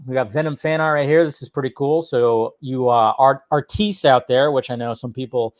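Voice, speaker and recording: A male host giving casual movie news commentary, excitable, swearing freely and laughing often. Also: mid-range voice, normal speed. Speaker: host of a film news channel.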